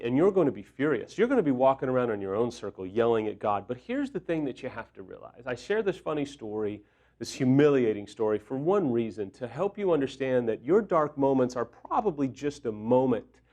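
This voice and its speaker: A man's voice: mid-range voice, fairly quick. Candid man telling a humbling story. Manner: candid, animated storytelling with self-deprecating humor. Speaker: recovery coach. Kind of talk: personal storytelling talk.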